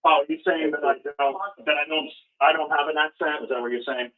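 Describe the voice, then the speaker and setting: A man from Rhode Island with a New England accent, chatting loosely as host on a call-in show, self-deprecating and quick to laugh. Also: on the high side, fairly even intonation. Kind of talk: casual call-in chat. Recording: phone-like call audio.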